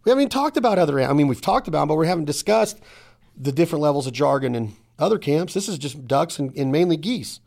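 A middle-aged man hosting a casual hunting podcast, talking in an energetic, emphatic, rambling way. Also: a little high, quick pace, creaky. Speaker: podcast host.

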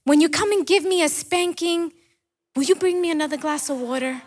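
A small, thirsty little boy, put on by a woman preacher reading a story aloud, calls out in a high, lifted, childlike voice. He pleads sweetly and persistently, as in a storybook reading. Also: fairly quick, darkish tone, close to an everyday voice. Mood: pleading.

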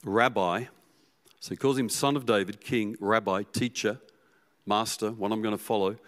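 A man preaching a sermon as pastor, telling the story with animation and swinging from loud to hushed. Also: fairly low pitch, moderate pace.

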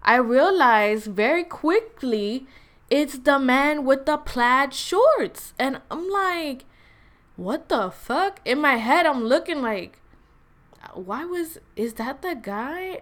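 A woman's voice: sits high, animated, a little slow, a bit bright. A young woman telling a personal story in a blunt, casual, slangy way, full of fillers and restarts.

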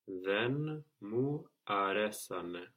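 Slow, careful male language learner. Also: fairly low pitch, animated, fairly bright tone. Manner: slow, careful, hesitant answers. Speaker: language student. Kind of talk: answering in a language lesson.

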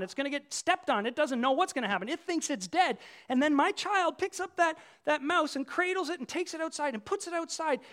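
A man giving a sermon in a conversational preaching style, telling vivid everyday illustrations and swinging between hushed and loud delivery. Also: very high-pitched. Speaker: pastor.

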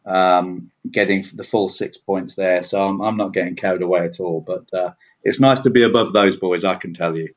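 Brief: chatty man, low voice, self-deprecating, muffled lo-fi podcast audio. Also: fairly even intonation, moderate pace. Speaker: league player reviewing standings. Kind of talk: casual podcast chat. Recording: dull lo-fi audio.

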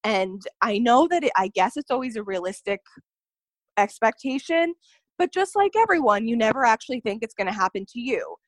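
A woman's voice: a little high, sing-song, a little fast, no room sound. A young adult woman telling a personal story as a podcast guest, earnest and full of "like" and "you know". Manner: earnest, filler-heavy telling, often says "like" and "you know".

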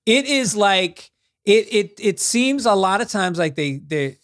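A comedian from New York, a man, speaks up bluntly and provocatively on a podcast, swearing to make his points. His voice is high for a man and swings widely in pitch. The recording is dry and close. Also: lively intonation, measured pace, no echo. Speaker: guest comedian. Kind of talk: casual podcast banter.

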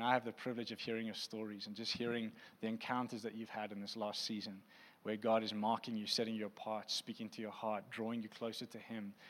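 A man's voice: on the low side, a bit bright, big-room sound. A man preaching a sermon, earnest and heartfelt, with frequent fillers and restarts.

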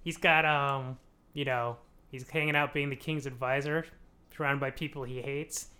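A man's voice: medium pitch, fairly even intonation, sharp tone. Young guy on a podcast rambling through a show recap, keeps laughing, does little character voices. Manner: rambling, laughs often, acts out characters in quick asides. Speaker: podcast host explaining a TV show. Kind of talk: casual comedic recap.

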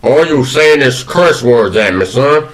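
A British man putting on a drawling old Southern American gentleman who brags and calls everyone son. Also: mid-range voice, animated, measured pace, poor audio. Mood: boastful. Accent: put-on American Southern drawl.

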